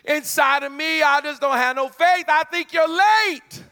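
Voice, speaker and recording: A male preacher acting out a grieving, exasperated woman who pleads and shouts at someone who came too late. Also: very high voice, measured pace, voice pushed up, heavily acted. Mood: exasperated grief. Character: grieving frantic woman, upset sister.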